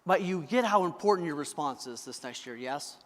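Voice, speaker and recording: A man's voice: a little high, lively intonation, a little fast. A man giving a live motivational keynote, emphatic and constantly asking the crowd for answers. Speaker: motivational speaker. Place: large event hall. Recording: reverberant hall from stage.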